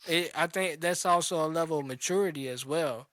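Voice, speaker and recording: A man's voice: fairly high pitch, brisk, fairly bright tone, dry recording, studio quality. A man co-hosting a casual podcast chat, speaking hesitantly and thinking aloud. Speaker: podcast co-host.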